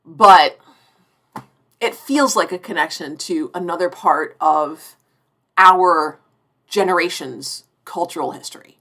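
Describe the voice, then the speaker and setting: A woman's voice: fairly low pitch, unhurried, long pauses, a bit bright. A woman around forty hosting a live-stream TV review, effusive and chatty, often restarting her sentences mid-thought.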